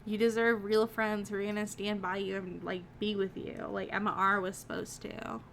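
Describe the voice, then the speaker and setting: A woman's voice: medium pitch, little pitch movement, normal speed, a bit bright, slight background noise. A young woman streaming a story game live, reacting emotionally and swearing at times. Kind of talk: live game playthrough commentary.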